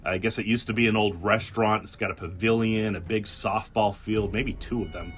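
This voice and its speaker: A man hosting a casual podcast, telling stories in an animated way and acting out quoted people with laughter. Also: on the low side, brisk, slight background noise. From New England. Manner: animated storyteller, acts out quotes, laughs often. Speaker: podcast host.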